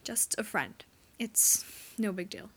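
A woman's voice: mid-range voice, animated, slow pace, fairly bright tone, husky, exaggerated voice. Brief: woman voicing a strained young male captain, clipped and tight. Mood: tense. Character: young male hockey captain, tense and curt.

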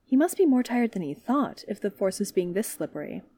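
A woman reading a story aloud as narrator, in a calm, steady manner. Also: mid-range voice, fairly quick, no echo.

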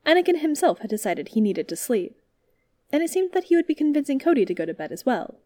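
A woman reading a story aloud as narrator, in a calm, steady manner. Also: sits high, fast, dry recording.

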